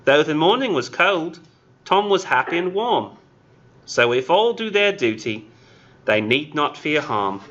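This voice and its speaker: A man's voice: a little high, big pitch swings, a little slow, a bit bright, muffled recording, slight background noise, voice pushed up. A man reading a poem aloud in a put-on British accent as a tiny young boy chimney sweep, in a sing-song nursery-rhyme lilt that drifts toward Australian. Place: classroom.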